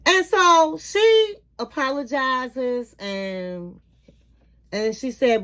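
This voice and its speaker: A middle-aged woman with a high voice recaps a reality TV episode in a chatty, candid way, and often calls the listener "honey." She talks slowly and lingers on her words. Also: fairly bright tone, poor audio. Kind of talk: casual commentary recapping an episode.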